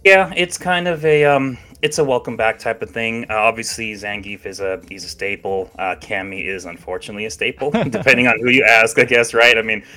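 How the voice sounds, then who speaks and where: A man's voice: on the low side, fairly quick, few pauses, bright, forceful tone. A man co-hosting a casual chat show about video games, chatty and hedging, laughing easily. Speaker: podcast co-host.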